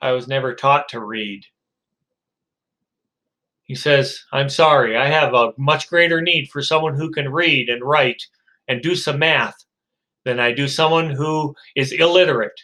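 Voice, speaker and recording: Man, lecturer, storytelling, bright tone, slightly high pitch, fillers and restarts. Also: moderate pace, rough recording. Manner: animated storytelling with quoted character voices, many fillers and restarts. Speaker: psychology lecturer.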